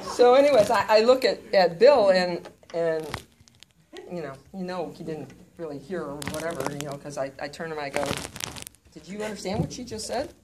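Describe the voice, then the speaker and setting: A woman's voice: on the low side, brisk, a crowd in the background, noisy background. Older woman telling a laughing story. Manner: animated, laughing, many restarts. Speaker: comedian. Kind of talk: stand-up storytelling.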